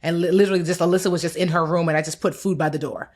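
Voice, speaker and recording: Woman, American accent, podcast co-host, casual chat, candid and weary, lowish voice. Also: steady tone, racing, darkish tone. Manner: candid, tired, reflective.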